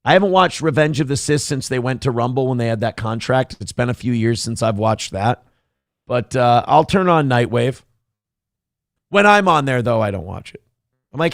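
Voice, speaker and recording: A man's voice: medium pitch, animated, a little fast, vocal fry, dry recording, clean studio sound. A man hosting a casual livestream, talking in a rambling, mocking way and putting on over-the-top corny voices for his critics. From Minnesota. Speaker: livestream host.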